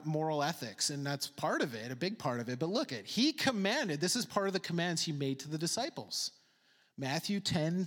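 A man's voice: a little high, a bit bright, big-room sound. A man preaching a sermon as pastor, emphatic and conversational, repeating words for stress with casual asides.

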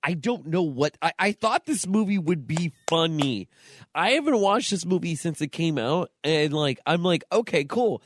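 A man's voice: fairly high pitch, animated, normal speed, dry recording. A man from Buffalo co-hosting a casual movie podcast, telling stories with playful swearing. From Buffalo, New York. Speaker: podcast co-host. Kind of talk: casual movie-recap chat.

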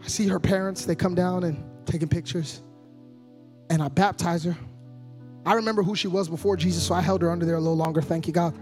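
A man preaching a sermon as a guest preacher, passionate and playful, moving from quiet storytelling to loud shouts. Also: high voice, fairly even intonation, quick pace, soft background music. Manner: playful, jokey asides.

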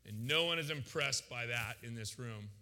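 A man preaching a sermon to a congregation, animated and joking with the crowd. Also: mid-range voice, moderate pace, vocal fry, big-room sound. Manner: animated, jokes with congregation, acts out voices. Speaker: pastor.

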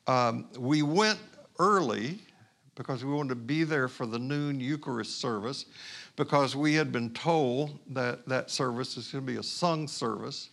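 A male pastor from Houston, Texas telling a personal story in a sermon, conversational and halting with asides. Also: medium pitch, creaky, fairly bright tone.

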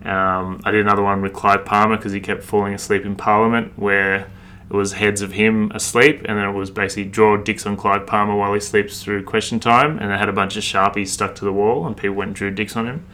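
An Australian man in his thirties talks through an interview in a relaxed, rambling way, swearing freely. His voice sits on the low side with a bright, forceful edge. The chat is loose and unhurried. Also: a little hiss or hum. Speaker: street artist, interview guest.

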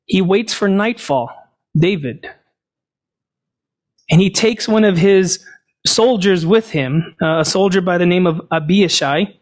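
A man's voice: high voice, measured pace, long pauses. A man preaching a sermon, retelling a scripture story and explaining it, asking and answering his own questions. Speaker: pastor.

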